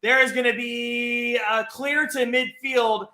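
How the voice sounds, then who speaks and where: Tense, bright-voiced man calling a match. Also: extremely high pitch, steady tone, slow, roomy sound. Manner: swings from tense muttering to loud cheering and swearing. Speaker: host of a live watch party stream. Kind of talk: excited live match reaction.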